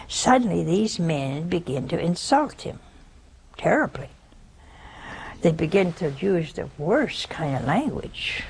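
A woman's voice: low-pitched, husky. An older woman giving an earnest spoken warning and telling a story on a broadcast network, emphatic, with whispered asides. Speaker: religious speaker on a broadcast network.

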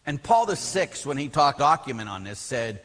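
A man, a Catholic priest, teaching a class with animated storytelling and emphatic outbursts. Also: medium pitch, normal speed. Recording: long reverb of a large hall.

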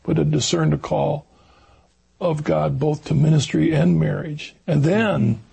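A male interview host lays out his points patiently, repeating key phrases for emphasis. His voice sits slightly high and is heavily raspy, with a strong gravelly fry throughout. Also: fairly even intonation, a little slow, mellow. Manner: explanatory, repeats himself for emphasis. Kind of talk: conversational interview.

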